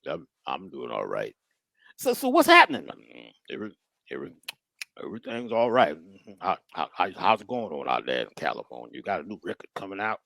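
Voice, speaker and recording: Guy putting on his old uncle, real low mumbly drawl, slow and halting. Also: huge pitch swings, vocal fry, pushed and bright, dry recording, exaggerated voice. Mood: drowsy.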